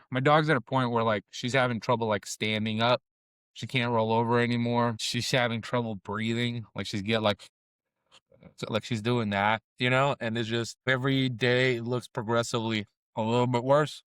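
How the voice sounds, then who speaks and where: A man's voice: medium pitch, level tone, normal speed, a bit bright, smooth, no room sound, clean studio sound. Middle-aged man, profane and grieving. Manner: profane, rambling, shifting between eating noises and sad confession. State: grieving, close to tears. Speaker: food vlogger and comedian. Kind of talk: casual food review vlog. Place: on camera at a taco restaurant.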